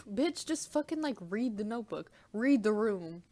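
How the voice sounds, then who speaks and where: Eating on camera at home, a young vlogger rambles through a casual mukbang chat full of profanity and animated banter. She has a mid-range voice and speaks at a normal speed.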